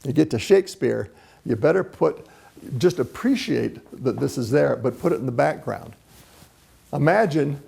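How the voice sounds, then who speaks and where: A man's voice: mid-range voice, lively intonation, normal speed, creaky, darkish tone, husky. A man giving a lecture presentation, explaining poetic form and chanting rhythms aloud as he goes. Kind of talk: lecture on poetry.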